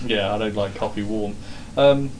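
A man's voice: lowish voice, moderate pace, slight background noise, rough recording. A man co-hosting a podcast in a rambling, casual chat. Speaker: podcast co-host.

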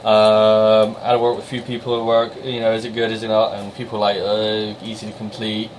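Lower-voiced man with a Somerset accent, podcast co-host, playful and chatty. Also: completely flat delivery, a little hiss or hum, rough recording. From Somerset, England. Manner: chatty, jokey, quick to laugh. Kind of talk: casual banter and game reviews.

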